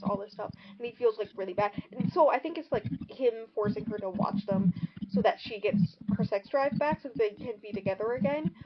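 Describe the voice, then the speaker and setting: A woman's voice: a little high, moderate pace. A young woman casually retelling a short story on a podcast, rambling and full of fillers. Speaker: podcast co-host summarizing a book. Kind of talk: casual book discussion. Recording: dull lo-fi sound with steady noise.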